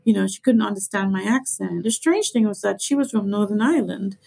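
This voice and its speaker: Woman, Grenadian, blended Caribbean-English accent, slightly husky, emphatic, reflective interview guest. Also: medium pitch, brisk, mellow, poor audio. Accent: mixed Caribbean-English. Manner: reflective, emphatic, repeats herself. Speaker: guest, litigation lawyer. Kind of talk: podcast interview.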